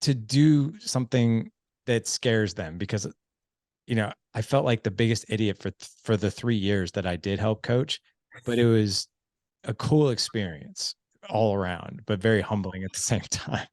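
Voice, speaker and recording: A middle-aged man hosting a podcast, telling lively, self-mocking anecdotes in a casual chat. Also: on the low side, normal speed, no echo, clean studio sound. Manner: animated, self-mocking anecdotes full of "I was like". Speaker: podcast host.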